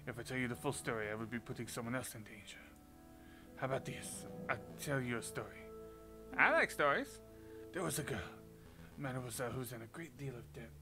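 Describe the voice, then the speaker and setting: A man voicing a secretive male bird nobleman who speaks in a hushed, low, conspiratorial French manner. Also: a little fast, music in the background, lightly acted, low-quality recording.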